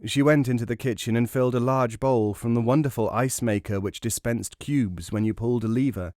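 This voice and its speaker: A man narrating a novel as an audiobook in a measured, dramatic storytelling manner. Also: mid-range voice, darkish tone, no room sound, clean studio sound.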